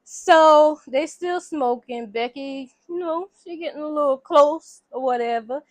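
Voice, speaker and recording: Woman vlogger, high voice, casual slangy recap with acted-out quotes, dry close sound. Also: unhurried, no room sound. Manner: animated, slangy, acts out characters' lines.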